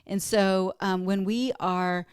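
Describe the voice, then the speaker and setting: A woman's voice: medium pitch, steady tone, takes it slowly, smooth, no room sound, studio quality. A woman from Minnesota, a wellness guest on a podcast interview, telling stories in an upbeat, motivational way.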